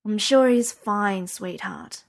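A woman reading the part of a calm, protective mother in an audiobook, soft and steady. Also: mid-range voice, slow, creaky. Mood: soothing.

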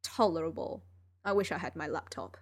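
A woman's voice: deep voice, expressive, moderate pace, slightly rough, voice pushed down. A woman reading the part of an aloof, brilliant male detective in a dry, clipped, reserved manner.

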